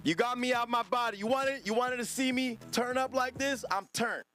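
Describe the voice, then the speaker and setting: A man's voice: very high voice, fairly even intonation, normal speed, fairly bright tone, soft background music. A man hosting a livestream podcast, ranting angrily at his chat in a profane, drawling, sing-song way. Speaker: podcast host.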